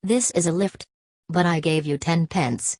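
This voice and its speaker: A woman's voice: fairly low pitch, measured pace, darkish tone, no echo. A woman voicing a polite, earnest little bear who is easily baffled, in a storybook reading.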